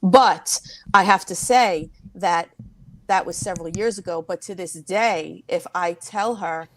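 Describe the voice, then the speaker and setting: A middle-aged woman therapist telling a personal story in a casual interview, talking fast and animatedly. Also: a little hiss or hum. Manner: animated, rapid talker who mimics others in a high voice. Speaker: therapist guest.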